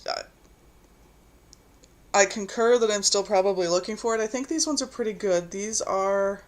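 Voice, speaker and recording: A woman's voice: medium pitch, moderate pace. A woman hosting a casual sewing livestream from home, chatting and reading viewer comments while she stitches. She is easily distracted and laughs at herself. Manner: reads viewer comments aloud. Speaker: quilting livestream host.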